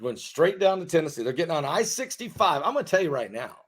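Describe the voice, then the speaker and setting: A middle-aged American man giving an emphatic monologue, piling up repeated lists and swinging from loud peaks to quiet asides. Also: on the high side, sing-song, quick pace, slightly rough. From United States. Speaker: online preacher and commentator. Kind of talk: emphatic direct-to-camera monologue.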